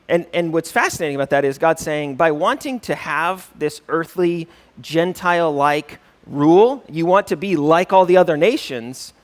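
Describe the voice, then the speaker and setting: A man with a fairly high-pitched voice teaches a church class as its pastor. He talks conversationally, checking in with his listeners, and reads scripture aloud with building emphasis. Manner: conversational, keeps asking "right?".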